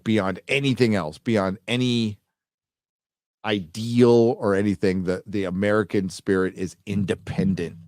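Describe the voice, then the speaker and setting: A man with a fairly low voice chats casually as a livestream host, rambling and dropping the odd curse word as he reads donations. The sound is dry and close, with almost no room around him. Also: a little mellow, dry recording. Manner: rambling, loose, profane.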